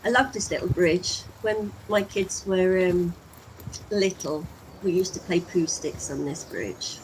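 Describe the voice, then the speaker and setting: A woman's voice: fairly low pitch, unhurried, a little hiss or hum, poor audio. Chatty English woman on a walk. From England. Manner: chatty and rambling, talks to viewers. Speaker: vlogger. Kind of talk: casual vlog commentary. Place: outdoors on a walk.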